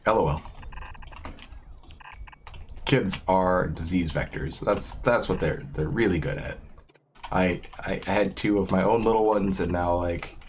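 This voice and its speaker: A man's voice: low-pitched, measured pace, long pauses, a little hiss or hum. A man streaming a game, rambling in a casual, self-deprecating way with lots of fillers. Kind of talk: casual gameplay commentary.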